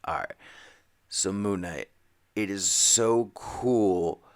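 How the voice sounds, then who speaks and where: A man with a somewhat low voice talks casually as a podcast co-host. He rambles and restarts often, and slips into quick acted-out quotes as he goes. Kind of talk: casual chat about comics and TV.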